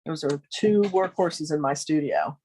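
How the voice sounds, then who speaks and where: A woman's voice: low-pitched, unhurried, warm tone, slight background noise. A middle-aged woman giving a casual craft tutorial from her home studio, chatting and thinking aloud as she works. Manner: chatty, friendly asides, thinks aloud while working. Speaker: crafting demonstrator.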